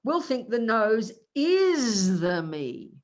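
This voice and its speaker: An older woman, a Buddhist nun, giving an animated, emphatic dharma teaching and acting out small dialogues. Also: fairly high pitch, drawn-out words.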